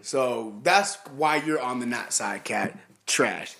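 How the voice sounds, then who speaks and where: A man co-hosting a casual sports talk show, animated and mocking, full of slang. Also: medium pitch, slow, gravelly, soft background music. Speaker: podcast co-host.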